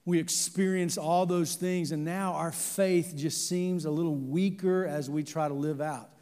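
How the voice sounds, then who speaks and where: Earnest pastor preaching in a reverberant church. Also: male voice, a little high, fairly even intonation, measured pace, darkish tone. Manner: earnest, with many fillers and restarts. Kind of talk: sermon. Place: church sanctuary.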